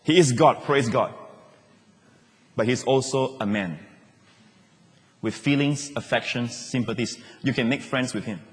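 A man preaching a sermon as pastor, swinging from excited emphasis down to soft, low asides. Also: a little slow, pauses often, big-room sound.

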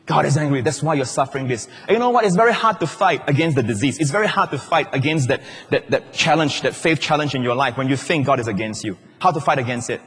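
A man's voice: medium pitch, lively intonation, fast talker, few pauses, fairly bright tone, husky. A male pastor preaching a sermon, teasing and questioning the congregation as he goes. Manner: playful, teasing asides to the congregation. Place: large church hall. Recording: long hall reverb.

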